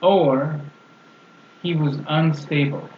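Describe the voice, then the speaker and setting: A man's voice: fairly high pitch, steady tone. Man co-host in a roomy, lo-fi recording. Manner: measured, brief replies and backchannels. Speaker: podcast co-host. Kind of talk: casual podcast discussion. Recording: roomy, dull lo-fi audio with faint hiss.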